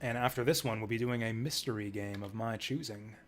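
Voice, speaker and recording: A man's voice: on the low side, fairly even intonation, fairly quick, noisy background. A man streaming a video game, giving casual commentary in a rambling, joking way with frequent chuckles.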